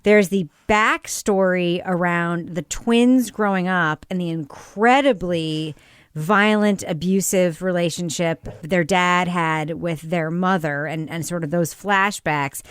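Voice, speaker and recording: A woman's voice: on the low side, slow pace, clear, resonant tone, dry recording, studio quality. A woman co-hosting a podcast in casual chat, thinking aloud and posing questions with lots of "like" fillers. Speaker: podcast co-host. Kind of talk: casual chat reviewing a TV series.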